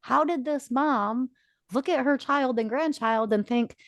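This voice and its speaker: A woman's voice: high voice, a little slow, no echo, studio quality. A woman in her forties co-hosting a podcast, telling a personal story with feeling and acting out quoted dialogue. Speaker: podcast co-host. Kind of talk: casual podcast conversation.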